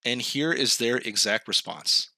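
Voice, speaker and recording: A man's voice: mid-range voice, measured pace, vocal fry, sharp tone, dry recording. A man co-hosting a casual podcast, ranting comically, acting out quoted voices and laughing mid-sentence. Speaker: podcast co-host. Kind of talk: casual comedic rant.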